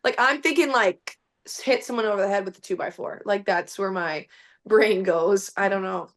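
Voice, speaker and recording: A young woman guest chatting casually on a podcast. Her voice sits at a middle pitch. She rambles easily and fills her sentences with "like", relaxed and unhurried. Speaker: guest, hockey player. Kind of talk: casual chat.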